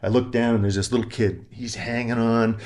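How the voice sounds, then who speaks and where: A man's voice: mid-range voice, fairly even intonation, a little fast, a little mellow. A middle-aged man, a retired army pilot being interviewed, telling war stories and acting out other people's voices. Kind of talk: animated storytelling in conversation.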